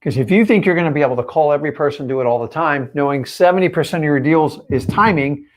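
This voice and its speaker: With a voice somewhat high for a man and a quick pace, a real estate coach talks directly to his live-stream audience. He pushes each point with blunt emphasis as he coaches them.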